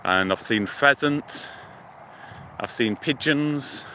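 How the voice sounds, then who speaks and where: Narrating his walk past a lake and river near a motorway, a UK man streams live from a handheld phone, talking to viewers in a relaxed, thinking-aloud ramble. His bright, forward voice is mid-range and slow-paced, and faint traffic hum sits in the background.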